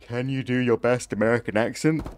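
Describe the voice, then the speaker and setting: A man's voice: mid-range voice, steady tone, a little fast, a little hiss or hum. A young man streaming a game live, chatting casually and explaining things step by step, with frequent restarts. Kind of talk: casual live gameplay commentary.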